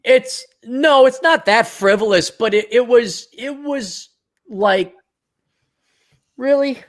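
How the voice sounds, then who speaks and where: A man's voice: very high voice, takes it slowly. A man co-hosting a podcast in blunt, profane casual chat. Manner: blunt, profane, mocking impressions. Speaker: podcast co-host.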